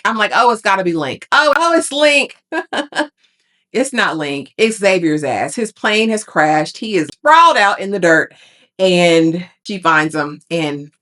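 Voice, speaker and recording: A woman's voice: on the low side, fairly bright tone. A woman giving a casual, sassy TV recap, calling listeners honey and baby. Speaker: TV recap vlogger.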